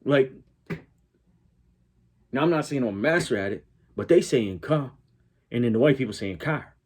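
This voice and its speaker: A man's voice: mid-range voice, lively intonation, moderate pace, a little mellow, breathy edge. A man hosting a reaction video, talking in a blunt, profane, argumentative way. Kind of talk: casual reaction commentary.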